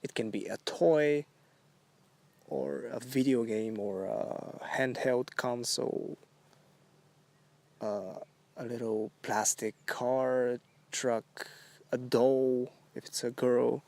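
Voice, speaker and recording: A man hosting a solo podcast, musing in a rambling, halting way with drawn-out phrasing. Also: medium pitch, fairly even intonation, creaky, a little mellow. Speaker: podcast host. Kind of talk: solo philosophical monologue.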